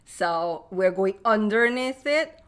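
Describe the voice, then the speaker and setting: A woman's voice: mid-range voice, animated, takes it slowly, clear, resonant tone. A woman with a Korean accent teaching Korean vowels in a live online class, reading viewer comments aloud and drilling each sound by repeating it. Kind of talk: live-streamed language lesson.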